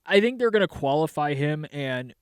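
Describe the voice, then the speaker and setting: A man's voice: on the high side, expressive, moderate pace, smooth, no echo, studio quality. A young man co-hosting a podcast, chatting loosely about hockey, cursing and laughing often. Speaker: podcast co-host. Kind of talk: casual sports chat.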